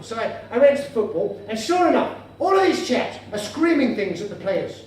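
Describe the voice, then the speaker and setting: A man's voice: very high voice, big pitch swings, unhurried, distant mic, a crowd in the background. Pompous man doing stand-up. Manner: pompous, mock-formal and dandyish. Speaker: stand-up comedian. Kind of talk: stand-up comedy. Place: comedy venue before a live audience. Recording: echoey room heard from afar, noisy.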